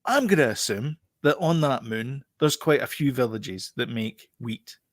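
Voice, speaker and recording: A man's voice: mid-range voice, animated, unhurried, no echo, clean studio sound. A man co-hosting a casual film review chat, rambling with many fillers and restarts.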